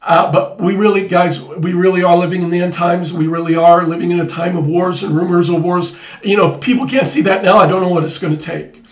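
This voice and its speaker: Urgent high-voiced man in an echoey room. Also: flat delivery, a little fast, distant mic. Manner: urgent, repetitive, rising to emphatic outbursts. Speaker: host. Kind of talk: alarmed political commentary.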